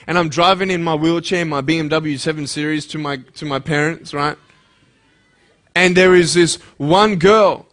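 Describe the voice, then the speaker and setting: A man with a fairly high, bright and forceful voice gives a motivational speech to students. He swings between loud, passionate urging and quiet, earnest pleading. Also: measured pace, pauses often. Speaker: motivational speaker. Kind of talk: motivational speech to a school audience.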